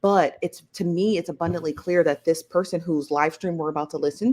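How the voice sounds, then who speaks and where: A woman hosting a live stream in a relaxed, chatty way, greeting viewers and laughing easily. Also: lowish voice, a little fast, hardly any pauses. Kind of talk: casual live stream chat.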